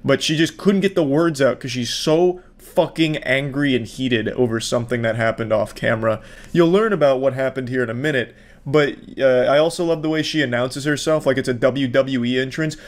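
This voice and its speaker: A man's voice: mid-range voice, brisk. Sarcastic, profane male commentator. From Florida, US. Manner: sarcastic, swearing, mocking. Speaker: video commentator.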